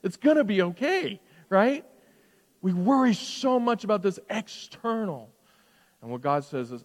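A middle-aged man with a high voice preaches in a casual, conversational way. He throws out rhetorical questions and swings from loud emphasis to soft, hushed lines. His voice carries a long reverb, as in a large church. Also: very animated, moderate pace. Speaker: pastor. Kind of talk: sermon.

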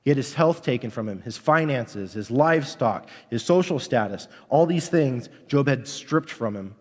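A man's voice: medium pitch, lively intonation, normal speed, darkish tone, big-room sound. A man in his thirties, a pastor, preaching a candid, conversational sermon.

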